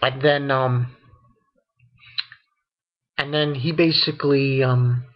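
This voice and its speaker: A man's voice: mid-range voice, fairly even intonation, takes it slowly, muffled recording. A man giving a casual spoken review of an anime episode, rambling with many restarts and fillers.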